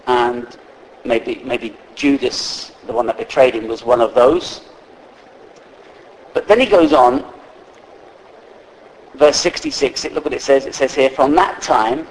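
A man preaches in a relaxed, conversational way, often pausing on fillers and restarting his sentences. His voice sits at a middling pitch. He reads passages of scripture aloud between his own remarks. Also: low-quality recording. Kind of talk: sermon.

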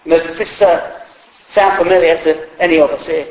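Man, sermon, high voice, roomy echo, chatty and humorous. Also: fairly even intonation, a little fast. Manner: humorous, conversational preaching with acted quotes. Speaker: preacher. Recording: echoey hall.

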